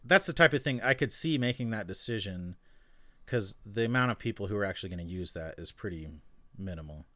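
A man's voice: fairly low pitch, lively intonation, pushed and bright, no room sound. A man co-hosting a podcast, chatting casually and joking about guitar gear. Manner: joking, quick asides, often laughing. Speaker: podcast co-host.

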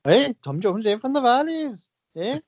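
A man's voice: extremely high pitch, sing-song, measured pace, a little mellow, husky, dry recording, pitched above the performer's own voice, heavily acted. A man putting on a Welsh accent to impersonate a brash older Welsh male singer, jokey and swearing. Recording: dull lo-fi recording.

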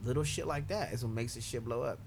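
A man's voice: medium pitch, fast, creaky, slight background noise. A young man co-hosting a casual chat, emphatic and slangy, repeating his phrases for effect.

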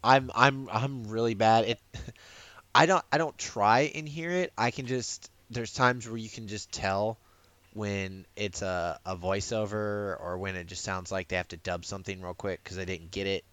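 Animated man chatting, lower voice. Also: moderate pace, no echo. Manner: animated, laughing, frequent restarts. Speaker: podcast co-host. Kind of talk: casual chat.

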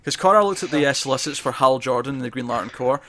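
A man's voice: medium pitch, fast talker, over a noisy crowd. A man co-hosting a casual comic book podcast, enthusiastic and acting out characters' lines. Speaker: podcast co-host.

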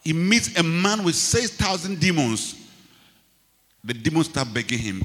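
A man with a Ghanaian English accent, a bishop preaching a sermon, who drops to low murmurs, then rises to shouts and repeats his lines. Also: sing-song, a little slow, long reverb tail. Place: large church hall.

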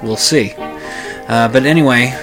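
A man's voice: mid-range voice, takes it slowly, music in the background. A man hosting his own talk radio show, chatting alone in a rambling way with many restarts. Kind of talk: casual solo podcast monologue.

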